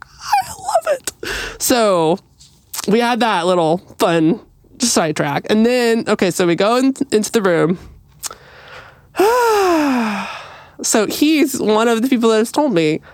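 Mid-range and moderately paced, this woman's voice carries no room sound. She's co-hosting a podcast, casually recounting a story and animatedly voicing the dialogue she quotes.

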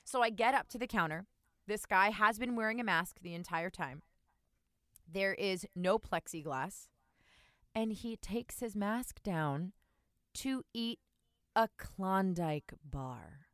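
Smooth-voiced woman telling animated stories. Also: slow pace, no echo, clean studio sound. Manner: animated storytelling, jumps high when indignant. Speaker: podcast co-host. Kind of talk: casual chat.

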